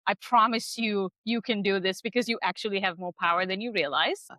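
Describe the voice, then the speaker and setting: A woman with a medium-pitched, bright and forceful voice hosts a podcast interview, speaking fairly quickly. She's earnest and effusive, frequently restarting sentences and bursting into laughter. The audio is close and dry, with no room sound.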